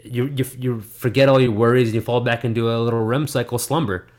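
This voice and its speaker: Man, podcast co-host, casual chat, rambling, laid-back, medium pitch. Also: steady tone, fast, darkish tone.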